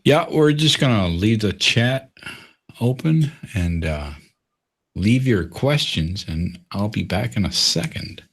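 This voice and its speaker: A man's voice: on the low side, sing-song, slow pace, a bit bright, slightly rough. A man co-hosting a livestream, laid-back and laughing along. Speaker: livestream co-host. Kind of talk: casual livestream chat.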